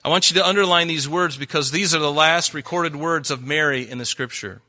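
A male pastor delivering a sermon in a bright, slightly high voice. He speaks emphatically, pushing his listeners with rhetorical questions between scripture readings. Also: brisk. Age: adult.

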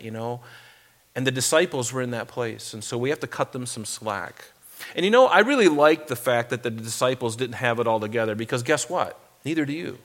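A middle-aged man giving a conversational sermon as a pastor. He talks casually between verses and slows down, with weight, when he reads scripture aloud. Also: medium pitch, fairly bright tone.

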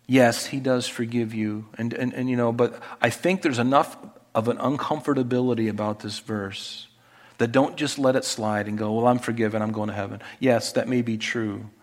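A man preaching a sermon, earnestly pleading about forgiveness, and rising in pitch and volume as he reads scripture aloud. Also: fairly even intonation, normal speed. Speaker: pastor. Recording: long hall reverb.

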